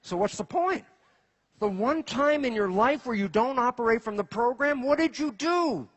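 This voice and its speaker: A man giving a lecture to a live audience, animated and throwing rhetorical questions at the listeners. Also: extremely high pitch, normal speed, slightly rough. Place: in front of an audience.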